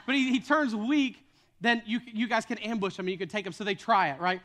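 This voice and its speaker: A man's voice: high-pitched, fairly quick, a bit bright. A man preaching a sermon as a retold story, casual in tone with joking asides.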